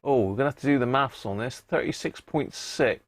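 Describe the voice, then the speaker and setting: A man's voice: medium pitch, fairly quick, dry recording. A jovial man hosting a casual live stream, chatting and laughing with his viewers. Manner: jovial, laughing banter with chat. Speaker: live-stream host restoring a vintage radio.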